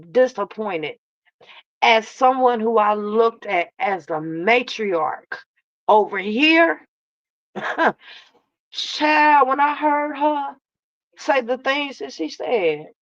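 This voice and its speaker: A woman's voice: fairly high pitch, no echo. A woman streamer in casual live commentary, greeting her chat by name and telling the story with emphatic asides. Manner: chatty, greets chat viewers, repeats "you know what I'm saying". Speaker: streamer commenting on online drama. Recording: dry, dull lo-fi sound.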